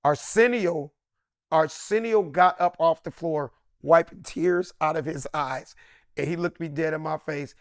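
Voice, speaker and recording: A man in his fifties tells a story in an interview with a comedian's lively, emphatic delivery. His voice sits fairly high for a man. It sounds close and dry, with almost no room around it. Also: unhurried, dry recording. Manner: lively and emphatic, swinging from loud excited bursts to low hushed asides. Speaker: comedian and actor, interview guest. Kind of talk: animated storytelling in a sit-down interview.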